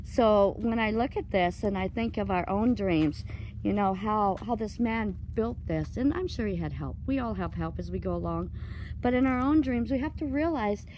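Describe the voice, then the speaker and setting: A woman giving a walking vlog tour, talking in a slow, earnest, spiritual way and getting choked up at times. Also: mid-range voice, lively intonation, darkish tone, slight background noise, poor audio. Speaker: vlogger touring a site. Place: outdoor art site with walk-through rooms.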